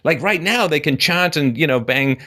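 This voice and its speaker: A man hosting a conversational interview, talking in quick bursts and slipping into mock voices. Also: a little high, animated, pushed and bright. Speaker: host.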